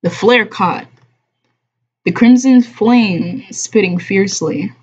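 A woman streamer reading a novel aloud at a slow, measured pace, softly giving voice to the dialogue. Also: mid-range voice, slightly rough. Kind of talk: unhurried audiobook-style reading. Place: home streaming room. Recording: dull lo-fi stream audio.

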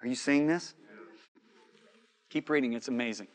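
A man preaching a sermon, telling a story with quoted dialogue and swinging from shouting to hushed asides. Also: medium pitch, moderate pace.

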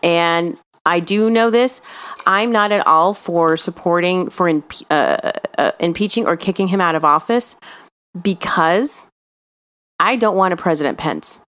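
Deliberate female podcast co-host. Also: fairly low pitch, fairly bright tone. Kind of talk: casual political chat.

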